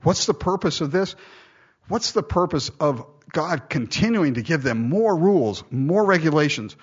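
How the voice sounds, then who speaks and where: A man's voice: a little high, lively intonation, normal speed, husky, muffled recording. A man preaching a sermon, reading scripture aloud and breaking off into jokey, conversational asides.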